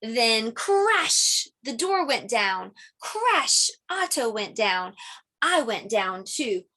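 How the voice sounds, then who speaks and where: A middle-aged woman teacher reading a picture book aloud to little ones. She reads at a slow, careful pace. Her fairly high voice swoops up and down as she tells the story in an animated way. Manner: animated storytelling with sound effects. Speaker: preschool teacher.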